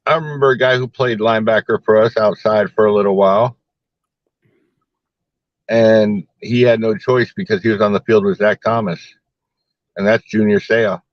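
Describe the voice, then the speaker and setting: A man appearing as a guest on a casual sports podcast, calmly running through his picks. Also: fairly low pitch, moderate pace, pauses often, no echo, lo-fi sound.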